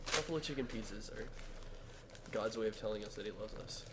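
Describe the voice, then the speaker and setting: A man's voice: fairly low pitch, brisk, over a noisy crowd. A man co-commentating a game run, teasing his friend and laughing often.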